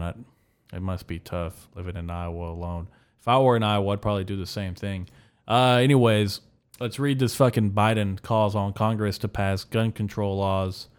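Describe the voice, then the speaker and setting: Young male podcast host, deep and clean-toned, deadpan, crude and rambling. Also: moderate pace, smooth. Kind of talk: solo comedic podcast monologue.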